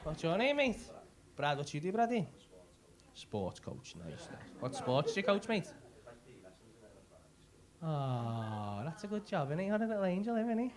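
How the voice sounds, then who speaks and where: A man's voice: fairly high pitch, wildly swooping pitch, unhurried, pauses often. A man, a stand-up comedian doing crowd work in a club, brash and sweary as he teases the audience. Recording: loud noisy live club recording.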